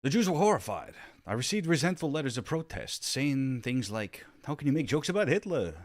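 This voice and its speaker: A man's voice: on the low side, lively intonation, rapid-fire, no echo, clean studio sound, natural voice. A man doing an impression of an indignant older male comedian-rabbi, reading out complaints in an exasperated tone.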